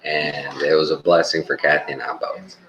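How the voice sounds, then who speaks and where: A man from Texas with a Texan accent tells a story casually on a live stream, halting often with "uh" pauses. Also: very deep voice, little pitch movement, fairly bright tone, highs cut off. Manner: halting, unhurried, full of "uh" pauses.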